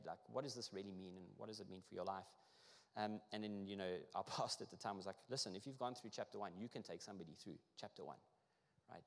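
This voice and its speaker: A middle-aged man preaching a sermon in a relaxed, conversational way, correcting himself and reading scripture aloud. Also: fairly low pitch. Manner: conversational, self-correcting, light chuckles. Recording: reverberant hall.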